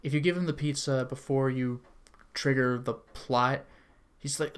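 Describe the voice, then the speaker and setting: A man's voice: medium pitch, expressive, a little slow. Rambling man streaming a retro game. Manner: chatty and rambling, with frequent "like" fillers. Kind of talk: casual gameplay commentary.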